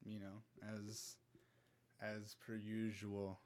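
A man's voice: fairly low pitch, monotone, slow, darkish tone. A young man hosting a podcast in casual chat, easygoing, often repeating himself and stumbling over words. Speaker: podcast host.

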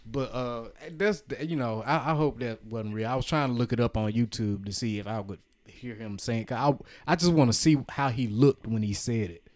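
A man's voice: mid-range voice, normal speed, hardly any pauses. Joking male podcast host. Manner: joking, talks in bursts. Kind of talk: casual podcast chat.

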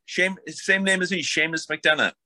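A man's voice: a little high, brisk, bright, forceful tone, dry recording. A man interviewing a guest in casual chat, joking and encouraging her.

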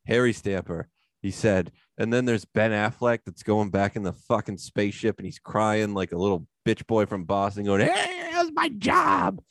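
Man, lowish voice, sarcastic podcast banter, swearing, dry sound. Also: steady tone, normal speed, dry recording. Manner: sarcastic, swearing, mock-dramatic. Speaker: podcast co-host. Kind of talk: casual podcast chat.

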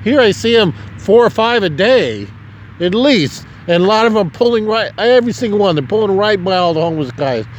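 A man's voice: high voice, animated, fairly quick, dull audio, a little hiss or hum. A man from Nebraska, tipsy, rambling and swearing in a casual vlog monologue outdoors on a city street at night. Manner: rambling, profane, chuckling. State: drinking, tipsy. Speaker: vlogger.

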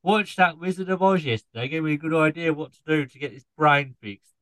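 A man's voice: a little high, flat delivery, moderate pace, bright, forceful tone, clean tone, no room sound, low-quality recording. A man voicing a dim, cheeky male scarecrow from a farm, rambling through puns and slipping out of his put-on accent.

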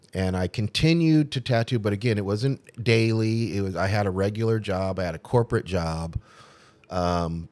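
Deep-voiced middle-aged man telling stories. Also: no echo. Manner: animated, acts out the people he quotes, frequent restarts. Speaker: tattoo artist telling his story. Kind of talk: casual storytelling in an interview.

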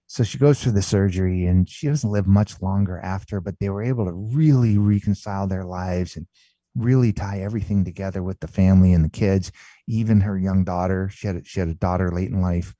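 Male guest author, deep mellow voice, emphatic storyteller who repeats himself and keeps asking "right?", dry close sound. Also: brisk, no echo, highs cut off. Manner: emphatic, repeats words, says "right?" and "man". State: emotional while telling story. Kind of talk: conversational storytelling.

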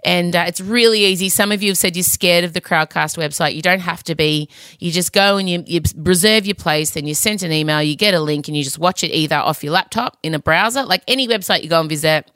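A middle-aged woman hosting a podcast, talking in a chatty, self-mocking comic monologue with big playful swings in pitch, close to the mic. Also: fast talker, a bit bright, no room sound. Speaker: podcast host. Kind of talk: casual comedic monologue.

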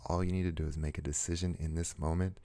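A man speaking earnestly to his viewers in a motivational monologue, slow and emphatic, repeating short phrases. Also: sits low, little pitch movement, warm tone. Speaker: self-help speaker.

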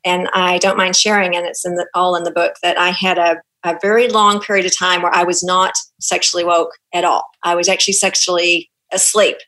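A woman's voice: on the low side, flat delivery, a little fast, hardly any pauses, pushed and bright, poor audio. A woman in her fifties with a New Zealand accent, speaking frankly and candidly as a gynecologist guest on a podcast, with many fillers. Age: 50s. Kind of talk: podcast interview.

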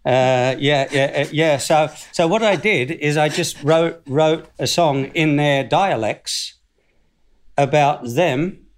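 An older Australian man talking through a long story in a casual interview. His voice sits a little high, and he wanders through restarts and self-mocking asides, laughing at himself now and then. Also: takes it slowly. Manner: rambling, self-deprecating, often laughs. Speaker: guest, former footballer.

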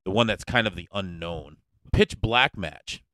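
A man's voice: low voice, unhurried, sharp tone, no echo. A man hosting a podcast, chatting casually and interviewing his co-host in a playful, mock-formal way. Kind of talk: casual chat.

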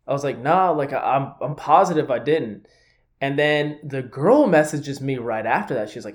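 A man's voice: medium pitch, animated, moderate pace. A young man casually recounting a workplace story with friends, cursing freely and laughing as he talks. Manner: chatty, swears freely, laughs through his stories.

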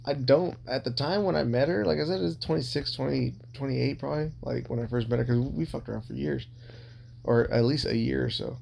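A man's voice: medium pitch, fairly quick, creaky, darkish tone, slight background noise. A man telling personal stories in a casual podcast chat, rambling, blunt and full of swearing. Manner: rambling, heavily profane, blunt. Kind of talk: casual confessional storytelling.

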